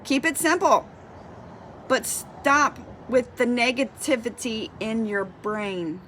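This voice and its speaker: Fired-up, high-voiced woman fitness coach. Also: slow, fairly bright tone, slight background noise. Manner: passionate, fired up, emphatic repetition. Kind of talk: motivational talk to camera.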